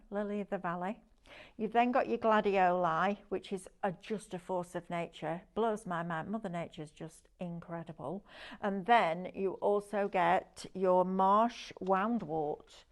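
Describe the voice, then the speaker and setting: A woman presenting a live shopping show, chatty and gushing as she praises each product. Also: fairly low pitch. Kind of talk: live sales demonstration.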